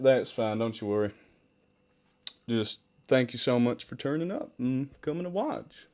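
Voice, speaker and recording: A British man whose accent sits between British and American chats casually on a livestream at home, close to a desktop mic. He pokes fun at himself, laughs easily and reacts to viewer comments at a middling pitch. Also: mellow. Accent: mixed British-American. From United Kingdom. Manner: chatty and self-deprecating, laughs often, reads chat aloud. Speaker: charity livestream host and story narrator. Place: home room with fish tank near the mic. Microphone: desktop microphone.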